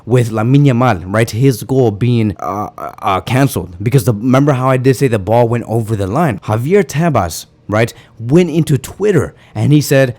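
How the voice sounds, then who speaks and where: A man in a heated, exasperated rant, his voice a little rough and worn from yelling. He speaks at a middling pitch and keeps pressing his complaints with mounting frustration. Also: expressive, normal speed, hardly any pauses. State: slightly rough voice from screaming. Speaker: football fan commentator. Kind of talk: ranting fan vlog commentary.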